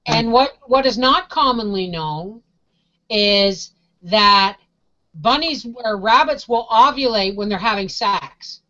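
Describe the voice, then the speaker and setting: A woman's voice: mid-range voice, expressive, slow, pushed and bright, lo-fi sound. A woman co-hosting a homestead live show, bubbly and talkative in casual chat.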